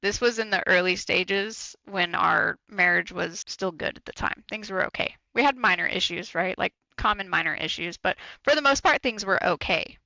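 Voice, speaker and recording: A man's voice: high-pitched, moderate pace, creaky, hardly any pauses, sharp tone, no echo, dull audio. A man co-hosting a podcast, talking candidly and bluntly, swearing freely and repeating himself for emphasis. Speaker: podcast co-host. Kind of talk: candid casual chat.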